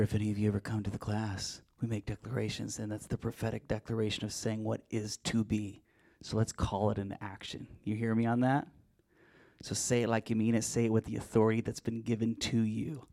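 A man's voice: on the low side, level tone, fairly quick, creaky, warm tone. A man preaching as a pastor, leading the congregation in repeat-after-me prayers and declarations. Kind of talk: charismatic sermon and prayer ministry.

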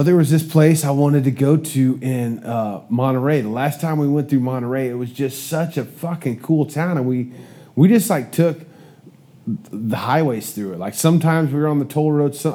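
A man's voice: mid-range voice, warm tone. A man telling a rambling, profane story about his motorcycle ride, saying "dude" constantly. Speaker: motorcycle rally rider recapping his day. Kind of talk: casual storytelling.

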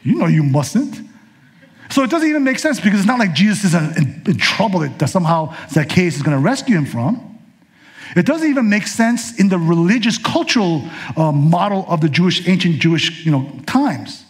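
A man's voice: high-pitched, sing-song, brisk. A male pastor delivering a sermon in a conversational way, with casual asides.

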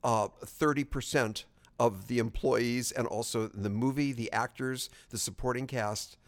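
A man's voice: medium pitch, steady tone, measured pace, no room sound. A male co-host of a movie podcast, fussy and self-described anal compulsive, trading playful banter in casual chat.

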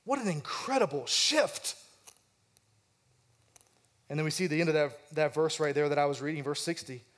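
A high-voiced man delivers a sermon, working through a passage verse by verse. He acts out the quoted lines with rising intensity and pauses to ask his listeners questions. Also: fairly bright tone. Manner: asks the congregation questions. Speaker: pastor.

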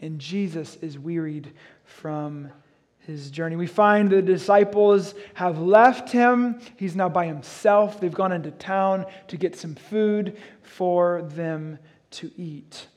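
Male pastor, high-pitched voice, laid-back preaching style with chatty asides between scripture readings. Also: slow pace, darkish tone. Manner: casual, conversational asides mixed with reading scripture. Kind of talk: expository sermon.

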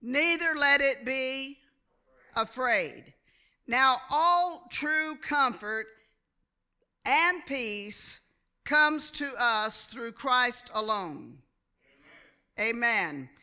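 A woman preaching a sermon in a slow, deliberate way, often calling for an amen from the listeners. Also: sits high, animated, bright, forceful tone. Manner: slow, deliberate delivery, calls for amens. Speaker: church speaker.

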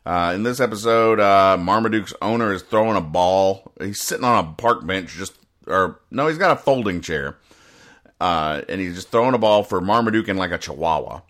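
A low-pitched man hosts a casual comedy talk show, walking listeners through a comic strip. He rambles along, filling pauses and correcting himself as he goes. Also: fairly bright tone. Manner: rambling, with fillers and self-corrections.

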